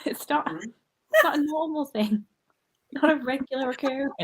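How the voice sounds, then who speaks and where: A woman with a Wigan accent chatting casually on a video call, self-mocking and animated. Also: high voice, moderate pace, a little hiss or hum. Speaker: book friend on a call. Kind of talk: casual chat.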